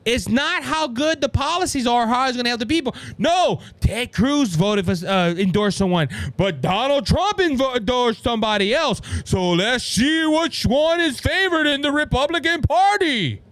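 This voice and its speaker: A man's voice: very high-pitched, animated, normal speed, hardly any pauses, a bit bright, no room sound. A man with a Louisiana Cajun accent hosting a political podcast, talking fervently and restarting his sentences often. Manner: fervent, repetitive, with stammered restarts. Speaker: podcast host. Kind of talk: political commentary monologue.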